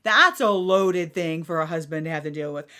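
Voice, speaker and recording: A middle-aged woman hosts a podcast, speaking frankly and with energy, swearing freely and acting out what others said. Her voice sits low with a sharp edge, at a moderate pace.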